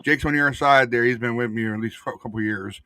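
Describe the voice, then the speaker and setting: A man's voice: mid-range voice, a little fast, sharp tone, no room sound. A man from New Jersey hosting a casual panel chat, easygoing and rambling with fillers. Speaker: show host.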